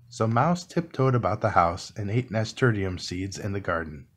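A man reading a classic children's book aloud in a calm, soft, slow bedtime manner. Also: on the low side. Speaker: storybook reader.

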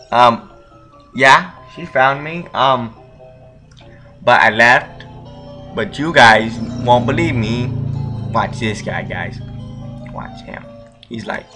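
A man's voice: medium pitch, slow, long pauses, sharp tone. A young man casually commenting on a video game he is playing, goofy and jokey, talking back to the characters. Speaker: let's play gamer. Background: game music.

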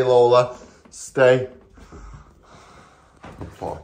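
A man's voice: lowish voice, slight background noise. Coaxing man in an echoey bathroom. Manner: coaxing, encouraging, laughing often. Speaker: dog owner. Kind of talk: casual home video chat. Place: home bathroom.

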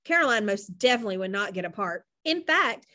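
A woman narrating a children's chapter book aloud in an expressive, lively storytelling manner. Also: medium pitch, quick pace. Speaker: audiobook narrator.

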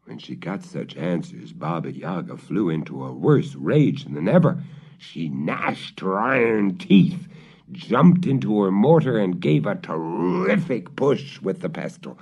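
A man's voice: fairly low pitch, sing-song, unhurried, creaky, slightly rough. A man reading a folk tale aloud in a theatrical, relishing manner, on a dull old recording. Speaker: storyteller. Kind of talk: dramatic storybook reading.

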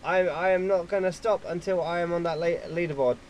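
A man giving casual gameplay commentary at his computer, excitable and quick to swear at opponents. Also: high voice, slight background noise, low-quality recording. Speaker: gaming YouTuber.

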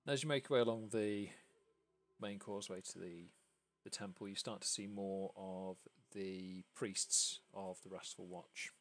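A man's voice: low voice, fairly even intonation, moderate pace. A man narrating a tabletop game as game master, describing scenes with many fillers.

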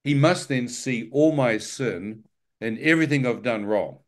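A man's voice: mid-range voice, measured pace. A man sharing his personal testimony with a live church audience, telling it vividly and with self-mocking humor.

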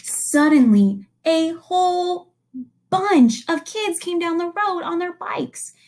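A young woman teacher with a very high voice reads slowly from a picture book to children. Animated in her storytelling, she pauses now and then to quiz her young audience.

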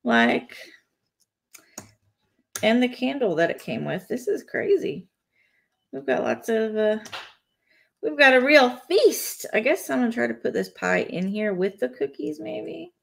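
A woman's voice: on the high side, very animated, a little slow, vocal fry, pauses often. A woman chatting playfully on a live stream from home, laughing between remarks as she builds a toy set. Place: home, indoors.

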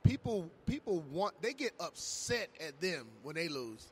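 Former-player guest, high animated male voice, playful banter, faint ambience. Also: unhurried, slight background noise. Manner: playful and joking. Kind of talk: casual sports chat. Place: shopping mall event stage.

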